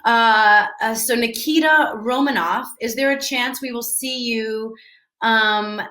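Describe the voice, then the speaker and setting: A woman's voice: fairly high pitch, slow pace, sharp tone. A woman chatting casually with fans on a video call from home, rambling and often restarting her sentences. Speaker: actress answering fan questions. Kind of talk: casual virtual Q&A. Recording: echoey room.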